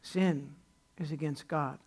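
Pastor, male, high gravelly voice, conversational sermon delivery. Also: steady tone, takes it slowly. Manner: conversational preaching, acts out quoted characters.

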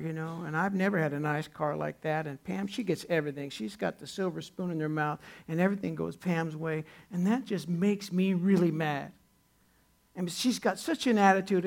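High, gravelly-voiced man preaching casually. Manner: conversational preaching, acts out quoted characters. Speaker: pastor. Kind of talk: sermon.

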